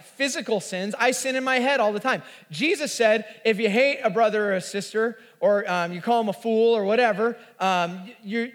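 High-voiced pastor preaching in a hall. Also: male voice. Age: 40s. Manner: animated storytelling with acted-out voices. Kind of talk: sermon. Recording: reverberant hall.

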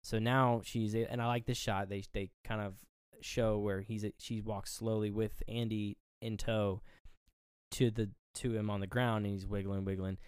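A man with a smooth, resonant voice, recorded close and dry with no room sound. He co-hosts a relaxed movie review chat and walks through each scene beat by beat, slipping into the characters' lines as he goes. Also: fairly low pitch, normal speed, no echo. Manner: retells scenes play by play, acting out lines. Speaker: podcast co-host.

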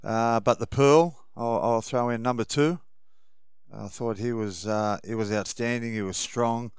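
An Australian man, a former rugby league player, co-hosting a casual sports chat in a measured way with frequent pauses. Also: medium pitch, clear, resonant tone, no echo, studio quality. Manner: measured, hesitant with fillers.

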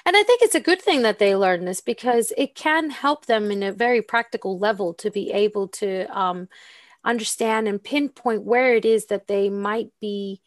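A female English teacher explains pronunciation in an easygoing, fluent way, with frequent ums between phrases. Her voice sits at an average pitch for a woman. The recording is dry and close. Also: normal speed, no room sound. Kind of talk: casual explanatory chat.

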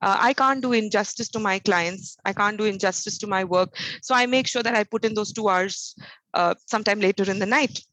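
A woman's voice: mid-range voice, brisk, a bit bright, no echo, low-quality recording. A woman talking earnestly as a podcast guest, an encouraging motivational trainer who speaks emphatically and often adds "you know" and "right?". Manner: faith-centered encouraging tone. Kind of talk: podcast interview answer.

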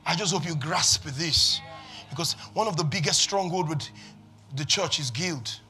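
A man preaching a sermon to a congregation with call-and-response, swinging from quiet to shouting. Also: fairly high pitch, measured pace, soft background music. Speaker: pastor. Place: church with congregation.

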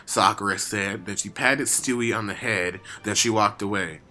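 Dry-voiced man reading aloud, sharp tone. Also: on the low side, normal speed, hardly any pauses, soft background music. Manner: dry, teasing. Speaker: podcast co-host reading fan fiction. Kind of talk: casual comedic reading.

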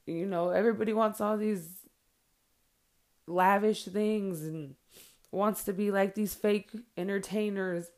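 A woman's voice: medium pitch, fairly even intonation, measured pace, a little mellow. Earnest plain-spoken mother vlogging. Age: adult with children. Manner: earnest, blunt, swears freely, many fillers. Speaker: vlogger addressing followers. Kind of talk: heartfelt direct-to-camera monologue.

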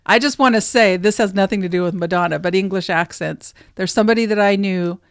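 A woman's voice: mid-range voice, brisk, dry recording, studio quality. A woman co-hosting a podcast in casual chat, making wry asides and laughing at her own jokes. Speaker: podcast co-host.

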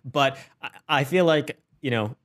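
A man's voice: mid-range voice, a little slow, a bit bright. A man hosting a casual film-review podcast, talking playfully with frequent restarts and hesitations. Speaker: podcast host.

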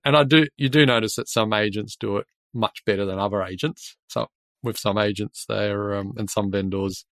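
A man's voice: on the low side, steady tone, moderate pace, fairly bright tone, no room sound. An Australian man hosting a podcast, telling stories in a chatty way and laughing often. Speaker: podcast host and builder. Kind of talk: casual podcast chat.

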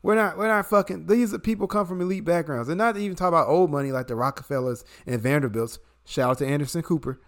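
A man's voice: a little high, fast, hardly any pauses. A man co-hosting a podcast, talking bluntly and swearing freely in casual chat. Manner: blunt, profane, animated. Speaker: podcast co-host.

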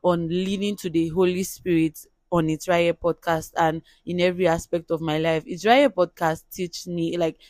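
Nigerian-accented solo podcast host, earnest and repetitive, even pitch, dry close sound. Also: normal speed, hardly any pauses, no room sound. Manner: earnest, repeats words while gathering thoughts. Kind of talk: solo faith podcast monologue.

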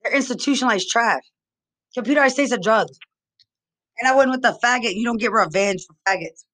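A woman's voice: on the high side, brisk, a bit bright. A woman from Texas delivering an angry, rambling monologue full of repeated accusations and profanity. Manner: agitated, accusatory, repetitive, profane.

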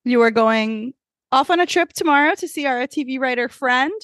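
A woman's voice: high-pitched, moderate pace, no echo, studio quality. A woman co-hosting a podcast, chatting casually and telling stories with lots of laughter. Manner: animated storytelling with frequent laughter. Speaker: podcast co-host. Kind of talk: casual chat.

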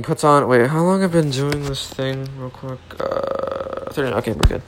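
A man reading a comedy script aloud, quick and amused, breaking off to comment. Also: mid-range voice, noisy background.

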